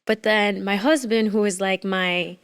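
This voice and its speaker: A woman's voice: mid-range voice, fairly even intonation, unhurried, smooth. Candid woman recounting hard years. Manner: emotional, rambling with many "like" fillers. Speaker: podcast guest, former entrepreneur. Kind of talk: candid conversational storytelling.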